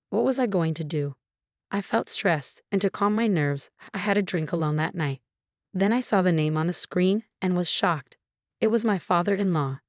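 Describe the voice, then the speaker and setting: A woman reading a first-person story in a steady, scripted narration. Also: fairly low pitch, dry recording, clean studio sound.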